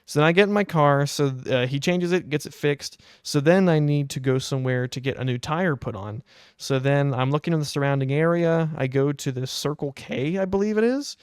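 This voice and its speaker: A young adult man hosting a podcast, telling a casual anecdote in a wry, animated way. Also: fairly high pitch, brisk, clean tone, no room sound, clean studio sound. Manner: animated, wry storytelling with quoted asides. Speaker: podcast host.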